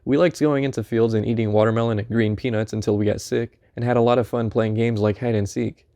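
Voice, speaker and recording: A man reading a first-person memoir aloud in an unhurried, conversational storytelling manner. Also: on the low side, steady tone, mellow. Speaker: audiobook narrator.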